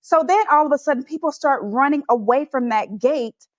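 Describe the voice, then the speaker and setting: A woman's voice: high voice, moderate pace, no echo. A woman guest on a podcast, animatedly telling a personal story and laughing often as she goes. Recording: slightly dull, dry recording.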